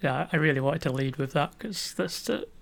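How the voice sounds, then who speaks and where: Brief: woman host, dry, blunt, lower voice. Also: lively intonation, moderate pace, gravelly. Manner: dry, blunt, swears casually. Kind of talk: casual chat.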